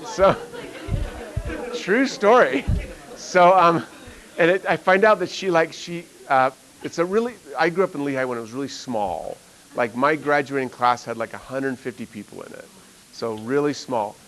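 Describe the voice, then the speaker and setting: A man's voice: a little high, normal speed, a bit bright, some chatter behind, low-quality recording. A middle-aged man, a math teacher, telling a story in a classroom, rambling with lots of fillers and frequent laughs. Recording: faint hiss.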